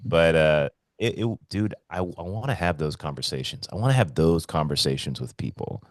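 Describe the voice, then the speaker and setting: A man's voice: normal speed, dry recording, studio quality. A man co-hosting a casual podcast, telling stories with lots of swearing and acting out quotes. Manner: animated, swears a lot, acts out quotes in a high voice. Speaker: podcast co-host. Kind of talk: casual chat, storytelling. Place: Hawaii.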